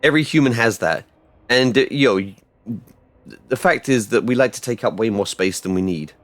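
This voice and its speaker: A man streaming a game live, rambling casually and bursting out loudly when things go right. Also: mid-range voice, moderate pace, dry recording. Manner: rambling and excitable, with loud outbursts. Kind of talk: casual live-stream chat while gaming.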